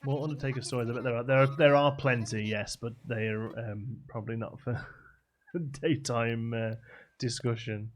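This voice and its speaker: A man's voice: medium pitch, steady tone, normal speed, slight background noise. A young man streaming a game live, rambling casually as he answers chat messages aloud. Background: faint game music.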